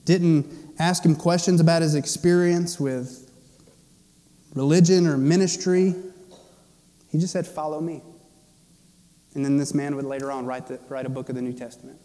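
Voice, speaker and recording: A male pastor with a high, mellow voice preaches with passion, rising to loud stretches and dropping to near-hushed lines. His voice rings out with a long reverb in a church hall. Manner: impassioned preaching, swinging between loud and hushed. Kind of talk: sermon.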